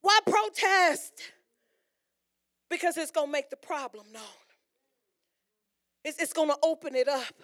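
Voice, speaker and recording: A woman preaching a sermon with emphatic delivery, repeating rhetorical questions and rising into shouts. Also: high voice, expressive, a little slow, long pauses.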